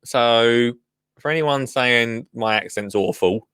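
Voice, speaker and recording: A man's voice: medium pitch, takes it slowly, fairly bright tone, smooth, no echo, clean studio sound. A man hosting a podcast, casually commenting on a TV show with teasing, joking asides. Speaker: podcast host.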